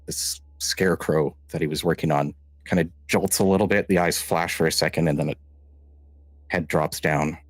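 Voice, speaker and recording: A man with a very low voice narrates a tabletop game as game master. He tells the scene in a measured, halting way, often restarting his sentences. The sound is dry and close. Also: fairly even intonation, dry recording.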